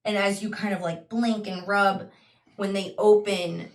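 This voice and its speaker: A woman game master slowly narrating a tabletop dream scene, with small restarts. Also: medium pitch, fairly even intonation, recorded from a distance. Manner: slow, descriptive storytelling with restarts. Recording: echoey room, voice off-mic.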